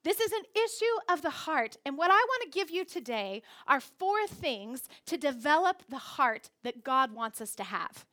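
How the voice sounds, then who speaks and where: A woman's voice: sits high, big pitch swings, normal speed, hardly any pauses, sharp tone. A woman in her thirties preaching a sermon to a church congregation, emphatic and repeating key phrases for stress. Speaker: pastor. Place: church sanctuary.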